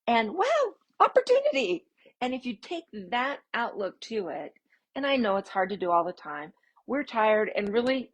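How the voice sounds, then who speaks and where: A woman hosting a casual live-stream talk for her viewers as a parenting coach. She speaks warmly and expressively, with upbeat swoops in her voice and frequent laughs. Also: mid-range voice. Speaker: podcast host and parenting coach.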